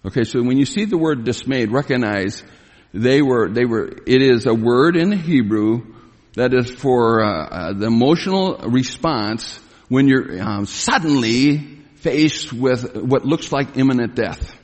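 A man's voice: lively intonation, unhurried, darkish tone. Male Bible teacher, mid-range voice, emphatic sermon delivery, long hall reverb. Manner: emphatic, bursts of raised pitch when retelling scenes. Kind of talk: expository sermon.

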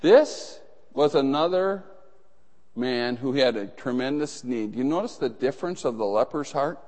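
A man's voice: medium pitch, expressive, unhurried, darkish tone. A man preaching a sermon, emphatic, acting out the dialogue of the people in his story. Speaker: pastor. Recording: long hall reverb.

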